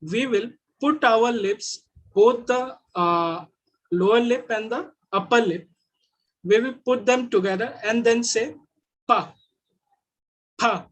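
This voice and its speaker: Man, Indian English accent, online Mandarin teacher, slow deliberate delivery, repeats sounds. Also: very high-pitched. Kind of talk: online class lesson.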